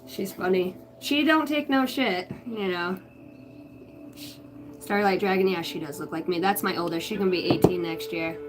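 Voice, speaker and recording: A woman's voice: lowish voice, normal speed, low-quality recording. A middle-aged woman from the United States giving a live tarot reading at home, chatty and blunt, swearing freely. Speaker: tarot reader. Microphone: livestream device.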